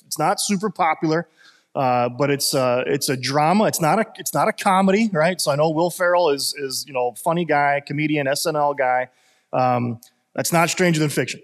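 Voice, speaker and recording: A man with a slightly higher voice preaching in a loose, conversational way, full of "uh"s and restarts as he tells stories. His voice rings out with a long reverb, as in a church hall. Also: moderate pace. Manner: conversational, storytelling with many fillers. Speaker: pastor. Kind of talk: sermon.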